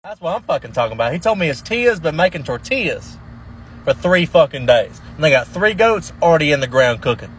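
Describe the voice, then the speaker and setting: A man's voice: a little high, sing-song, brisk, slight background noise. A man playing a job site boss in a comedy sketch, evasive and hesitant, stalling with fillers.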